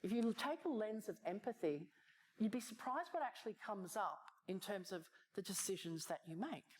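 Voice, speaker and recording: Lively woman keynote speaker, conversational and animated, mid-range voice. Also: medium pitch, moderate pace. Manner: animated, conversational, frequent rhetorical "right?". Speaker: conference speaker. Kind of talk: keynote talk. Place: conference stage.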